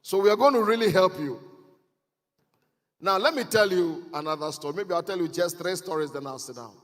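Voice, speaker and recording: A man preaching a sermon as a bishop, telling stories and building to loud, emphatic exhortation. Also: fairly high pitch. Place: conference hall. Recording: reverberant hall.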